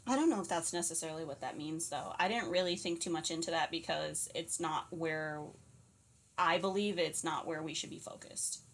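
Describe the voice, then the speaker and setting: Woman co-host, lower register, blunt animated storyteller, casual chat. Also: normal speed, slight background noise. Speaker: podcast co-host.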